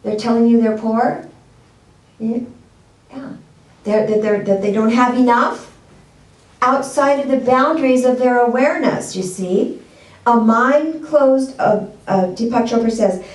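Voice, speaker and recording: A woman's voice: a little high, a little slow, long pauses, roomy sound, far from the mic, poor audio. A woman pastor giving a sermon in a conversational way, asking the congregation questions and telling a story.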